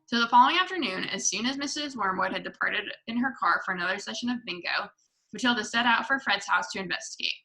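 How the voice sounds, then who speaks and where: A woman reading a children's book aloud to a book club, expressive with small slips. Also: mid-range voice, fast talker, poor audio.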